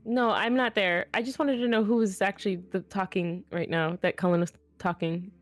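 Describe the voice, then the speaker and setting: A woman's voice: medium pitch, fairly even intonation, moderate pace. A woman player in a tabletop game, chatting casually, disbelieving and swearing. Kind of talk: casual chat.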